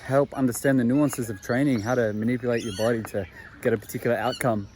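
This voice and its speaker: A young man, a fitness coach, chatting casually to camera in a relaxed, rambling way with plenty of fillers. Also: medium pitch, quick pace, a little hiss or hum. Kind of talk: casual vlog talk to camera.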